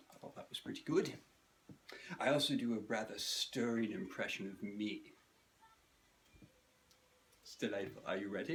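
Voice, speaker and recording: A man delivering a scripted comedic video essay in a dry, sardonic voice. His pitch swoops all over as he plays with theatrical pauses and self-mocking asides. A faint hum sits under the recording. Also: expressive.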